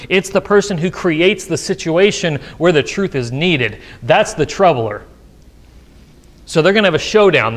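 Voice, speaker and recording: A pastor in a church sanctuary reading scripture aloud and then explaining it with emphasis in his sermon. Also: high-pitched.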